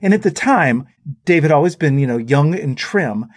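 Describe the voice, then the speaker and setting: A middle-aged man with a slightly high-pitched voice tells stories as a guest on a talk show. His delivery is animated and full of laughter. The sound is close and dry, with no room echo. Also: moderate pace. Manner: animated storyteller who laughs often. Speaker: musician guest. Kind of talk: casual anecdote telling.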